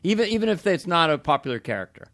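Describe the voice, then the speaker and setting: An older man in his sixties, chatting casually as a comedian guest on a podcast. He talks in an animated way, breaking into voices mid-story. The sound is dry and close, with no room in it. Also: a little high, quick pace, dry recording.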